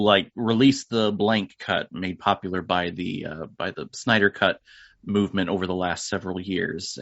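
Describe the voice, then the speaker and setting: Low-voiced male podcast host, dry sound. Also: vocal fry, a bit bright, no echo, dull audio. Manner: explanatory, talks straight to the listener. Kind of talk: casual podcast chat.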